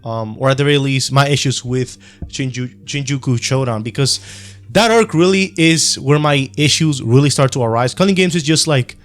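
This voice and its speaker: A young man with a Spanish accent talks through his opinions in a loose, rambling way. He fills his speech with slang, ums and restarts, at a middling pitch. Faint music plays softly behind him. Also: normal speed. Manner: rambling, relaxed, slangy, with frequent ums and self-corrections. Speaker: anime commentary youtuber. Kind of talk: casual opinion monologue.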